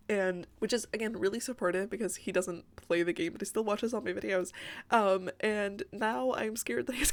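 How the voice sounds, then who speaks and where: A young woman chatting casually in a voice-over, rambling with lots of fillers and frequent giggles. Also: mid-range voice. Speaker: Sims builder and YouTuber. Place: home room by day.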